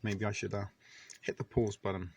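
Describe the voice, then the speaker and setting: A man's voice: lowish voice, level tone, moderate pace, darkish tone, a little hiss or hum. A man casually reviewing food on camera, chatty and self-deprecating, sometimes talking with his mouth full. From Canada. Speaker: vlogger reviewing military rations.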